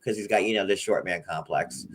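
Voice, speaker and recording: A man's voice: low voice, a little fast, vocal fry, husky. A man hosting a casual, joking chat, rambling and gossipy, who often slips into mocking impressions. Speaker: podcast host.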